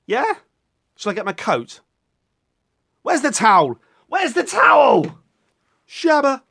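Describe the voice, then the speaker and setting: Animated, rambling man vlogging. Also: sits high. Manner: rambling, goofy, swears often, breaks into silly voices. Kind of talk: rambling casual vlog.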